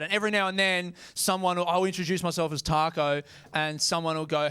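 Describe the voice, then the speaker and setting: A man's voice: a little high, fairly even intonation, fairly quick, few pauses, pushed and bright, smooth, dry recording. Casual Australian man doing stand-up. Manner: casual, swearing, self-mocking. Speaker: stand-up comedian. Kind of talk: stand-up comedy.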